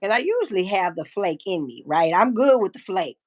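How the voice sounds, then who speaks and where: A woman in her fifties hosting a live stream, telling a personal story in a frank, profane, animated way and acting out what people said. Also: medium pitch, brisk, no room sound. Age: 50s. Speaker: livestream host. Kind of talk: casual storytelling chat.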